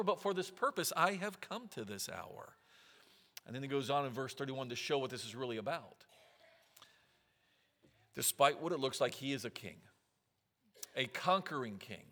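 A man's voice: mid-range voice, pushed and bright, big-room sound. A man preaching a sermon, reading scripture aloud with earnest, rising emphasis.

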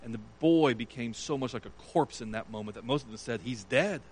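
A man's voice: mid-range voice, a little fast, breathy edge, rough recording. Earnest man preaching a sermon. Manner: earnest, retelling scripture with emphatic rises. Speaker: pastor.

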